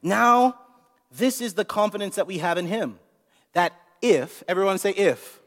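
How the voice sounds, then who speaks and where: A man preaching a sermon in an animated way, repeating words and asking the congregation questions. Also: high voice, measured pace. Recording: long hall reverb.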